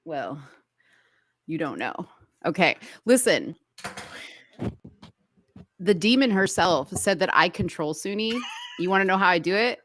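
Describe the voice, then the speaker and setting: A woman's voice: on the low side, sing-song, a little slow, long pauses, a bit bright, a little hiss or hum. A woman in her forties co-hosting a live talk show, teasing and laughing often. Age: 40s. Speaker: co-host. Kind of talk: casual live-show banter.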